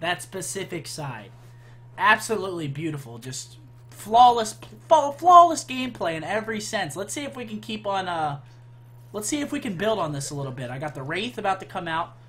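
A young man giving live commentary on his own shooter match, hyped and trash-talking, moving from calm play-by-play to loud outbursts. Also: sits high, a little fast. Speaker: gaming YouTuber.

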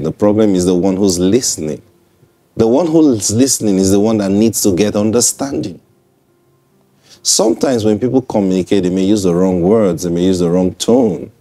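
Mellow low-voiced preacher. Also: male voice. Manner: conversational, repetitive, checks in with listeners. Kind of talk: broadcast sermon.

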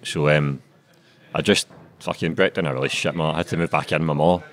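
Glaswegian author in his 20s, very low voice, quick laid-back sweary patter. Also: fairly even intonation. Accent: Glaswegian Scottish. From Scotland. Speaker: author guest. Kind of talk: casual interview chat.

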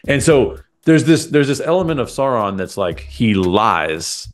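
A man's voice: mid-range voice, big pitch swings, measured pace, few pauses. A man co-hosting a casual chat, talking in a rambling, enthusiastic way with lots of fillers and restarts, into a desk microphone. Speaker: podcast co-host. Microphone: desk microphone after switching from a headset mic.

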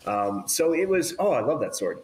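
A man, a guest voice actor, chatting in a relaxed, self-deprecating way on a casual stream. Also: medium pitch, normal speed.

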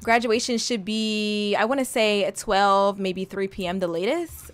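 A young woman giving casual, slangy gameplay commentary, talking straight to her game character and breaking into excited exclamations. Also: medium pitch, unhurried, few pauses, a little hiss or hum. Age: young adult. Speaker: gaming video host.

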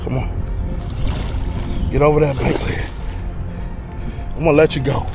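A man filming an outdoor fishing vlog on a riverbank, talking excitedly to his viewers and out of breath. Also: on the high side, a little slow, over music. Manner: excitable, shouting exclamations, talks to viewers as "y'all" and "guys". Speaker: fishing vlogger.

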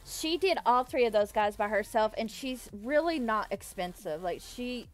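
A woman's voice: a little high, expressive, normal speed. A young adult woman chatting casually with viewers on a live stream, bubbly and giggly, thanking them effusively. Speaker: livestreamer.

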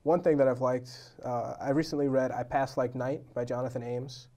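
A young man, a novelist guest on a talk show, telling stories in a lively way and acting out the quotes. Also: mid-range voice, normal speed. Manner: animated storyteller, acts out quotes. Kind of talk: casual talk show chat.

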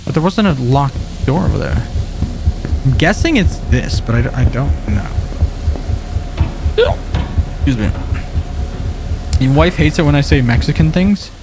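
A young man playing a video game live, chatting and joking with his viewers and reacting loudly to what happens on screen. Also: mid-range voice, animated, unhurried, long pauses, over music. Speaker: streamer. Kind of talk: let's play commentary.

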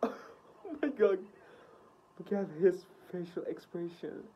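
A woman with hosting a music video reaction, gasping, laughing and swearing excitedly. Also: fairly low pitch, slow, muffled recording, slight background noise.

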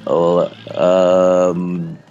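A man's voice: low-pitched, monotone, extremely slow, mellow, clean tone, highs cut off. A young man being interviewed, telling long rambling stories in a casual, profane, laughing way. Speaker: interviewed clan member. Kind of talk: casual storytelling chat.

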